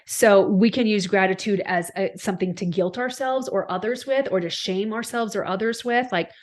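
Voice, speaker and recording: A woman speaking as a podcast guest and coach. She talks emphatically and animatedly, with big swings in pitch. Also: normal speed. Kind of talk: podcast interview.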